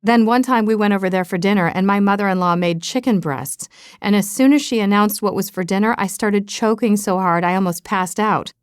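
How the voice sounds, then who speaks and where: A woman's voice: medium pitch, a little fast, clean tone, dry recording, clean studio sound, lightly acted. A woman voicing a teasing, blunt young woman friend in an audiobook, breezy and unbothered. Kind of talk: audiobook dialogue reading.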